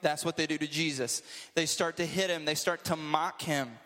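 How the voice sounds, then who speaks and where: A man's voice: on the high side, fairly even intonation, moderate pace, pushed and bright, in a large hall. A man preaching a casual, conversational sermon to a group, with joking asides.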